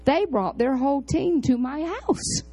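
A woman pastor with a drawl preaches in a chatty storytelling way. Her voice sits a little high, and she leaps into excited highs and drops into low, quiet asides. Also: unhurried, low-quality recording. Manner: chatty, animated, jumps between high exclamations and low asides. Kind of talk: storytelling sermon.

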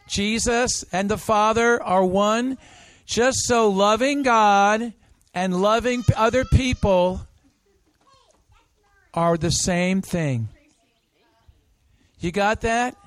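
A man preaching an interactive sermon, coaxing the congregation into call-and-response with slow, emphatic phrases. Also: high-pitched. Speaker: pastor.

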